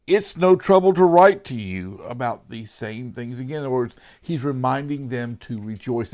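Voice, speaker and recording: A male pastor giving an earnest sermon, dropping to hushed whispers and then rising to emphatic, raised lines. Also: mid-range voice, lively intonation, moderate pace, hardly any pauses, lo-fi sound.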